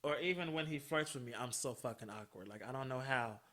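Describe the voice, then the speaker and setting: A man hosting a podcast, telling a personal story in a casual, animated way, swearing freely and laughing often. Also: medium pitch, a little fast. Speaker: podcast host.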